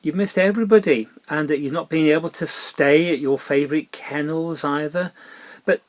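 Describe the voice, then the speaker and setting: A man giving a gentle children's Bible talk with a puppet, soft and coaxing like a parent, often dropping into whispered asides. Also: a little high, normal speed.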